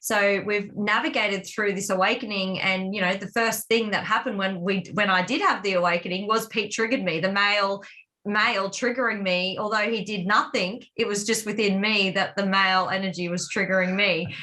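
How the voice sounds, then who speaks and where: Bright, open woman confiding. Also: medium pitch, steady tone, moderate pace. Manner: open, confessional, rambling with frequent fillers. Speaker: vlog co-host. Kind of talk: candid personal storytelling.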